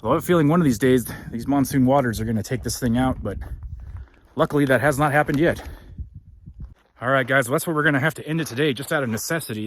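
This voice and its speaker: An easygoing man talks to his viewers outdoors in hot desert country, chatty and relaxed. There is a faint hiss of noise behind his voice. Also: medium pitch. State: out of breath. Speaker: vlog host. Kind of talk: casual outdoor vlog talk.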